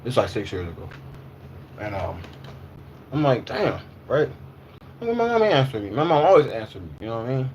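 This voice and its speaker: A man in his twenties or thirties talks loosely on a livestream, repeating phrases and reacting to chat in slangy everyday speech. His pitch sits in a middling range, and a faint hum runs under the recording. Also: very animated, quick pace, long pauses, darkish tone.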